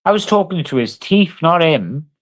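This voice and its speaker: A brash man, swearing freely and bickering with his live chat. His voice sits a touch high, loose and conversational, like someone reading comments aloud and firing back. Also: very animated, moderate pace. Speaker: livestreamer. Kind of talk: casual live-stream chat.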